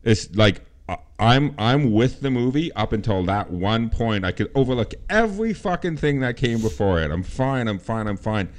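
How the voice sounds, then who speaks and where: A man's voice: medium pitch, big pitch swings, normal speed, few pauses. A man co-hosting a casual film podcast, talking emphatically, swearing often and repeating himself. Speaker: podcast co-host.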